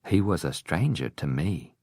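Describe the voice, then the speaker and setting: A man's voice: rumbling low, animated, unhurried, darkish tone, dry recording, clean studio sound, full character voice. A man voicing a vain, shallow society wife who talks in a whining voice. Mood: whiny chatter. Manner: whining, self-absorbed chatter.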